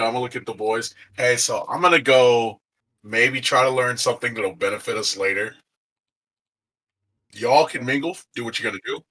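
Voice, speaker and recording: A man's voice: medium pitch, bright, forceful tone, poor audio. A man playing a tabletop game, chatting casually, repeating himself and swearing. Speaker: player.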